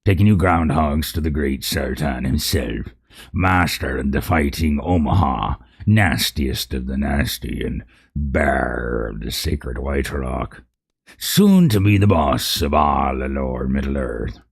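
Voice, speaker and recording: A man's voice: extremely low pitch, slow pace, vocal fry, slightly rough, heavily acted. A man voicing a boastful, cruel male narc leader who gloats over his prisoners. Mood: gloating.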